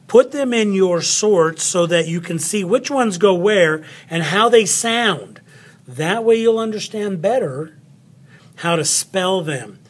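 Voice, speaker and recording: A man leads a children's spelling lesson, unhurried and playful. His voice sits a bit higher than most men's. He talks close to the mic as if to one child. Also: fairly bright tone. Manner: playful, slow and patient, speaks to an unseen child. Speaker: teacher.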